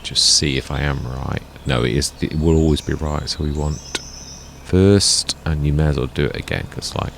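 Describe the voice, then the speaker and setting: A man's voice: rumbling low, normal speed, gravelly, fairly bright tone, slight background noise. A man giving rambling, chatty gameplay commentary as a let's play host, often correcting himself.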